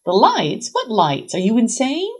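A woman's voice: medium pitch, wildly swooping pitch, slow pace, creaky, a little mellow, husky, exaggerated voice. A woman voicing a skeptical mother who questions her daughter in disbelief.

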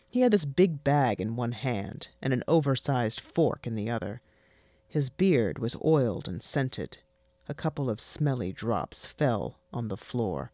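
A narrator reading a fantasy story in a wry, deadpan way. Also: mid-range voice, measured pace, dry recording, studio quality. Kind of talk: scripted fiction narration.

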